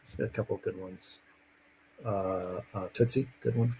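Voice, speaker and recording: A man's voice: on the low side, fairly even intonation, moderate pace, gravelly, warm tone, slightly rough, poor audio. A man in casual chat, rambling through a movie plot with lots of fillers and acted-out lines. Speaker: podcast co-host recapping a movie.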